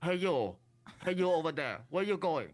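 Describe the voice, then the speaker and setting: A man voicing a gruff armored male soldier with a put-on Chinese accent, barking clipped broken-English orders. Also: a little high, big pitch swings, moderate pace. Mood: barking, threatening.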